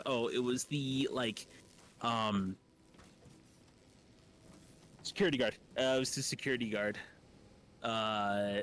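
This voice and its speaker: A man chatting casually on a livestream, telling rambling work stories full of swearing. He mimics other people by jumping into a high voice. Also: fairly bright tone, a little hiss or hum. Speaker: streamer.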